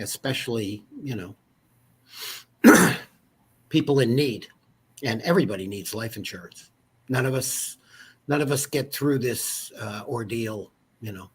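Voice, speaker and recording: A man in his fifties with a husky voice, talking as a guest in a casual interview. He rambles through stories with lots of asides. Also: mid-range voice, expressive, slow pace, pauses often. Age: 50s. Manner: rambling storyteller, many asides. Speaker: insurance agent and guest.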